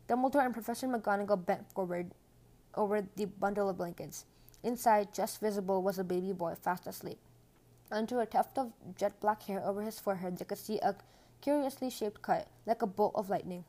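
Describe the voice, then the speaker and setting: A woman reading a children's storybook aloud in a gentle, hushed manner. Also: medium pitch, a little fast. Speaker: audiobook reader. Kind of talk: storybook narration.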